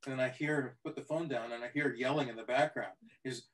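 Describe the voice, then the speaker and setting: A man, an actor being interviewed, telling stories in an animated way and briefly mimicking other people. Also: mid-range voice, fairly quick, low-quality recording. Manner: animated anecdotes, mimics voices, chuckles. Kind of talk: conversational interview storytelling.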